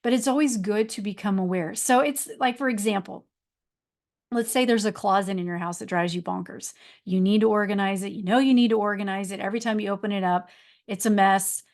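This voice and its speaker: A woman's voice: medium pitch, fairly even intonation, fairly quick, darkish tone. A middle-aged woman, hosting a motivational podcast and talking in an earnest, repetitive, encouraging way. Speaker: podcast host and life coach.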